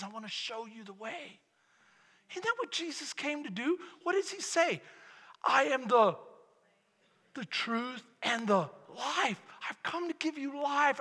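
A male pastor from Texas preaching a sermon, moving from soft, intimate passages to loud, shouted passion. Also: very high voice, expressive, normal speed. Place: church sanctuary. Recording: long hall reverb.

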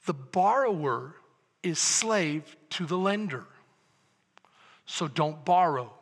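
A man preaching a sermon as pastor, moving from quiet talk to loud, shouted preaching. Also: on the high side, lively intonation, takes it slowly, breathy edge. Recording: echoey hall with long reverb.

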